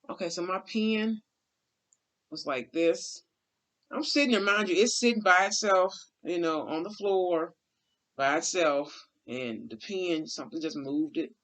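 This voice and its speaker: A man's voice: a little high, a bit bright. A man telling a rambling, heartfelt spiritual story in casual vlog talk, full of restarts and folksy asides. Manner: colloquial, drawling asides like "child" and "honey". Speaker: spiritual channeler.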